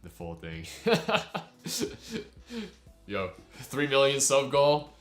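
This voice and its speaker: A man's voice: mid-range voice, wildly swooping pitch, extremely slow, fairly bright tone, echoey room, faint music behind. A young man chatting casually with his livestream viewers, rambling and laughing often. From United States. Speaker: streamer.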